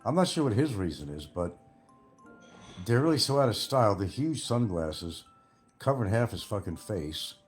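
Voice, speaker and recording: A man's voice: lowish voice, big pitch swings, normal speed, husky, faint music behind. A man hosting a casual livestream and answering viewer comments in a blunt, profane, combative way. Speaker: livestream host.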